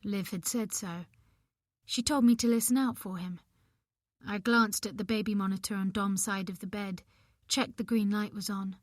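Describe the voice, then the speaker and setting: Woman, audiobook narrator, first-person reading, expressive, measured, dry studio sound. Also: mid-range voice, no room sound.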